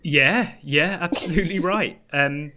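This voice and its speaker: A man's voice: fairly high pitch, measured pace, noisy background. A man hosting a casual podcast chat, asking a guest questions and laughing easily. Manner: laughs helplessly while reading a quote. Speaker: podcast host.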